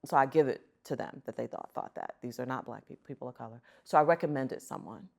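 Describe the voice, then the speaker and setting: A middle-aged woman, a guest on an interview show, telling stories in an animated, emphatic way. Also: very deep voice, quick pace, gravelly. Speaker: guest, arts center chief executive. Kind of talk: conversational storytelling.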